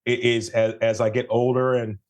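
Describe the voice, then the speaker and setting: Animated Jamaican-born man on a podcast. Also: medium pitch, moderate pace. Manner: animated, tags statements with "right?". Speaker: podcast guest, photographer. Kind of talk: casual podcast chat.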